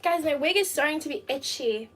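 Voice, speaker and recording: Woman, casual livestream chat, giggly, excitable bursts, higher voice, faint hiss behind. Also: a little fast.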